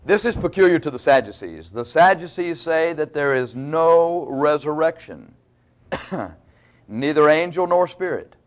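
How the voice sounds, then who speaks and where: A man's voice: fairly high pitch, expressive, a little slow. A man preaching a sermon in a folksy, conversational way, teaching verse by verse with asides to the congregation.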